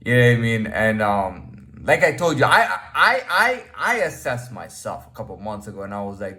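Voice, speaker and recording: A man talks to camera in a loose, rambling monologue at an ordinary middle pitch. He keeps restarting his sentences and checking in with "you know what I mean", and now and then he sinks into a quiet mutter. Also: very animated, normal speed, few pauses. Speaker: vlogger.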